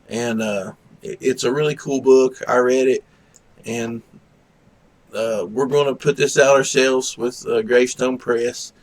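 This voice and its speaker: A relaxed man drawls through casual chat with his stream viewers at an unhurried pace. His talk rambles and he pokes fun at himself. He sounds easygoing and unscripted on a streaming microphone. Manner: laid-back, rambling, self-deprecating; coos at his dog in high baby talk. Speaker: livestream host.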